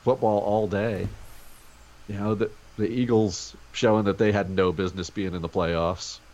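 A man's voice: fairly low pitch, fairly even intonation, moderate pace, a little mellow, dull audio. A man co-hosting a sports podcast from home over a video call, talking energetically in casual chat. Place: home during a snow day.

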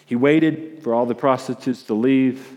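Animated preacher with hall reverb. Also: male voice, mid-range voice, measured pace, dull audio. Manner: animated, repeats words. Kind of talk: sermon storytelling.

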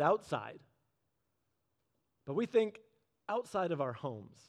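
A man delivers a sermon in a sing-song, conversational manner, posing questions to his listeners and dropping low and slow on the key phrases.

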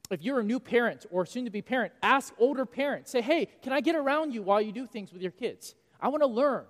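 A man in his thirties preaching a sermon as pastor, animated and swinging between loud and quiet for emphasis. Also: high-pitched. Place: church sanctuary. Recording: long reverb of a church hall.

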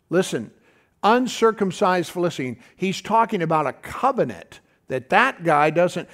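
A man delivering a sermon with a fairly high, lively voice. He stops and restarts his sentences, drops in fillers, and keeps calling questions out to his listeners. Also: measured pace. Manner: animated preacher, calls to the congregation, pitch jumps high for emphasis. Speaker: pastor.

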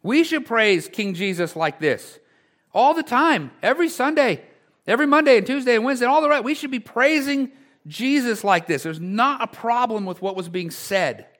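A male pastor preaching a sermon in a conversational way, full of rhetorical questions, dropping to quiet asides and rising to loud exclamations. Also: very high voice, expressive, normal speed.

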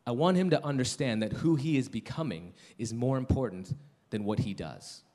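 A middle-aged man delivering a sermon. His voice moves through a wide span, from soft, slow, low lines up to high, loud, animated stretches. He talks to his listeners directly, the way a pastor does from the pulpit. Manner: swings from hushed intimate lines to loud excited storytelling.

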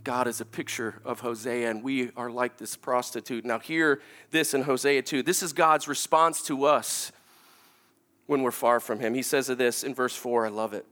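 A man preaching a sermon, moving between hushed, tender quoting of scripture and rising, urgent appeals to the congregation, often repeating words as he presses a point. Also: mid-range voice, fairly even intonation, moderate pace. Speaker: pastor.

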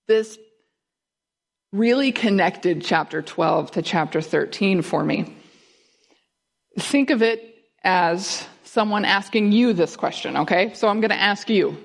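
A woman's voice: mid-range voice, animated, slow, creaky. A woman giving a conversational sermon, teaching through a passage and asking her listeners questions. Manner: conversational, asks the audience questions. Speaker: guest speaker.

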